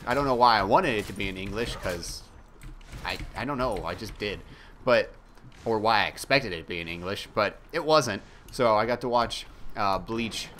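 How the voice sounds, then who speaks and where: Rambling young man, low voice. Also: fairly bright tone, a little hiss or hum. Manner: rambling, self-mocking, casually profane. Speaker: gaming YouTuber. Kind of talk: casual chat while playing a game.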